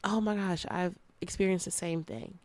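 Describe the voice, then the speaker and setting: In a lowish voice at normal speed, with no echo, a young woman hosting a podcast chats casually and frankly, slang and laughter throughout. She animatedly voices quoted friends with plenty of sass.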